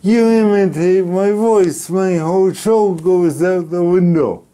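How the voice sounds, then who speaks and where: A middle-aged man from Canada, telling a personal story in an interview, speaking slowly and deliberately with pauses. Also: sits high, mellow. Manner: slow, deliberate speech with pauses and restarts. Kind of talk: reflective storytelling.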